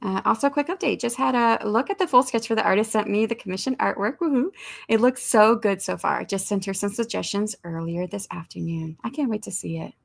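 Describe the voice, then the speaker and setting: Gravelly-voiced woman hosting a livestream. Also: mid-range voice, brisk. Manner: rambling, reads viewer comments aloud. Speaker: host of a writing sprint livestream. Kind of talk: casual livestream chat.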